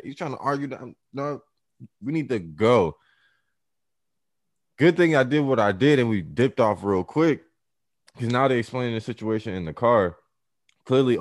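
Deep, profane young man telling a story. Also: dry recording, studio quality. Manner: profane, slangy, animated retelling. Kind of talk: casual storytelling.

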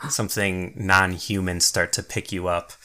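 A man narrating as game master of a tabletop game, relaxed and chuckling. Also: deep voice, moderate pace.

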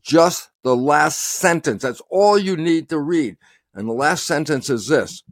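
A man's voice: fairly high pitch, expressive, unhurried, no echo, studio quality. A man from the United States, a guest scientist in an interview, who talks in a passionate, emphatic way and often quotes himself.

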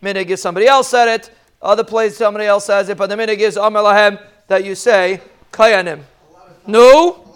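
A man's voice: sits high, fairly quick, clear, resonant tone. A man giving a live Talmud class, joking the students and calling on them by name. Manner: lively, joking asides to students, mixes Hebrew and Aramaic. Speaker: Talmud teacher.

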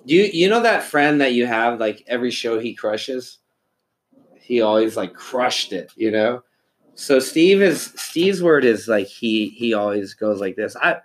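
Profane, storytelling comedian man. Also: fairly low pitch. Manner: profane, animated storytelling with quoted voices. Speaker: podcast host. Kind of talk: casual chat.

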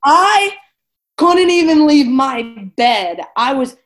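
A woman's voice: high voice, sing-song, slow pace. A woman in her twenties co-hosting a podcast, chatting casually in a bubbly, giggly way, full of "like.". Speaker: podcast co-host. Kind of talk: casual chat.

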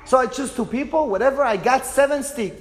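Man, rabbi, high voice, passionate emotional storytelling, echoey hall. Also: fairly quick, slight background noise. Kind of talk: personal storytelling talk.

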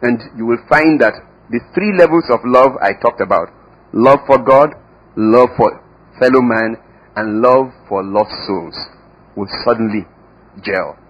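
A man preaching a sermon as pastor, emphatic, with sudden swings in loudness and pitch and repeated words. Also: a little slow, highs cut off.

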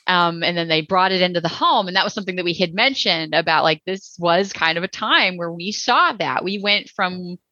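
A woman's voice: fairly low pitch, fairly quick, hardly any pauses, sharp tone, dry recording. A woman co-hosting a podcast, reviewing a TV episode in casual chat, rambling with lots of fillers. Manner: chatty, rambling with many fillers. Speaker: podcast co-host. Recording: dull lo-fi dry recording.

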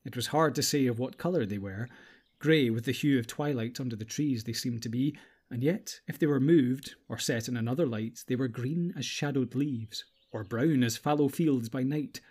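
A male audiobook narrator reads a story in a steady, even manner. His voice sits at an average pitch for a man, and the pace stays unhurried and measured throughout. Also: husky. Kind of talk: scripted narration.

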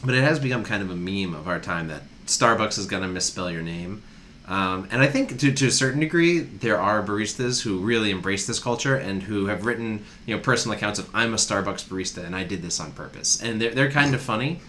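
A man's voice: fairly low pitch, expressive, a little fast, a bit bright, a little hiss or hum. A young man hosting a casual podcast chat, telling stories in a dry, wry way. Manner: dry, wry storytelling with playful put-on quotes. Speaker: podcast host.

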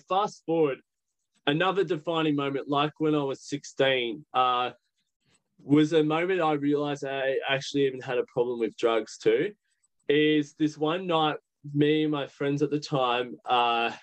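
Australian man telling his story candidly. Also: a little high. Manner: candid, rambling with many "like" fillers. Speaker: podcast guest. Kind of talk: casual storytelling.

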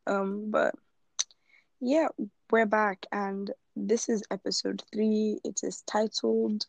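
A young woman co-hosts a podcast from her room in casual, playful chat. She talks quickly and jokes easily. The sound is close and dry, with no room echo. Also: medium pitch, flat delivery, vocal fry. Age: young adult. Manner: chatty, playful and quick-talking. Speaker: podcast co-host.

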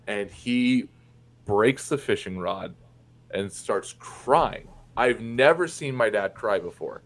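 A man from Indiana speaks as a guest in a casual interview, his voice sitting low. He tells stories candidly and profanely, full of fillers and restarts. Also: lively intonation, takes it slowly. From Indiana, USA. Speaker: podcast guest.

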